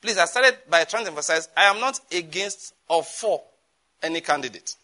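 A man, preaching a sermon as a pastor, emphatic and animated, with repetitions and sudden asides. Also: high-pitched, normal speed.

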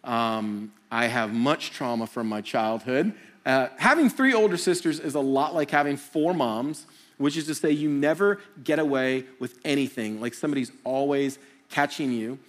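A middle-aged man preaching a sermon, telling jokey stories and acting out quick voices. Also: medium pitch. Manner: animated, jokey storytelling with acted-out voices. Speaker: pastor.

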